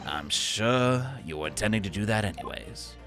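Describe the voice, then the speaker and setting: A man's voice: fairly low pitch, lively intonation, normal speed, music in the background, voice pushed down. A man voicing a theatrical, formal-speaking great detective in a game playthrough. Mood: composed. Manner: dramatic, old-fashioned formal speech. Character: grand, theatrical male great detective, adult. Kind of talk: game voice-acting in a let's play.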